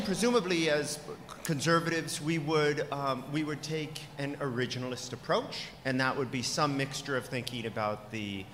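Hesitant man asking a question from the floor. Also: medium pitch. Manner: hesitant, many fillers, rising emphasis. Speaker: law professor asking an audience question. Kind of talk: audience question at a panel. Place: large conference hall. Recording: echoey hall with audible noise.

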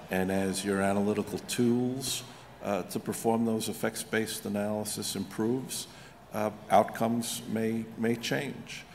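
A man on a legal panel answers thoughtfully with plenty of ums. His voice is very low and gravelly. The hall adds a long echo around him. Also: slight background noise. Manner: measured, filler-heavy. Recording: reverberant hall.

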